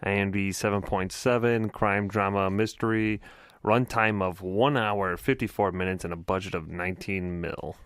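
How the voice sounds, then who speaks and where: A man with a lowish voice, blunt and dryly grumpy as he chats on a podcast. The sound is close and dry, with little room around it. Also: fairly even intonation, moderate pace, fairly bright tone, smooth, no echo. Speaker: podcast co-host. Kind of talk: casual podcast chat.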